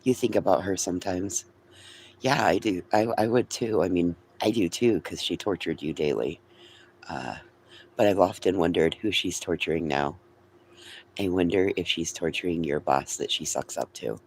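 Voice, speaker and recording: A man's voice: low voice, moderate pace, slight background noise. A man hosting a casual livestream, chatting with viewers in a rambling, chatty way and swearing freely. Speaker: livestream host.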